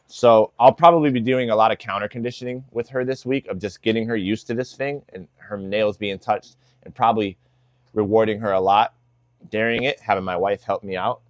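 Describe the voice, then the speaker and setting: A man's voice: lowish voice, steady tone, a little fast, no echo, lo-fi sound. A man working as a dog trainer, giving casual instructional tips with lots of "like" and "you know".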